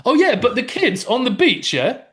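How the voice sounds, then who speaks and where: A young man on a podcast, with a high voice that swoops all over the place. He tells his tale as a loud, sweary rant, jumping up and down in pitch as he goes. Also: moderate pace, husky. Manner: animated, swears freely, loud anecdotal ranting. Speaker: podcast co-host. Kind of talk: casual chat, storytelling.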